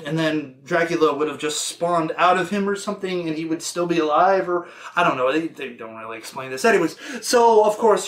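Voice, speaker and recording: A man's voice: sits high, a bit bright, roomy sound. A young man casually reviewing a horror movie, irreverent, sarcastic and profane, laughing often.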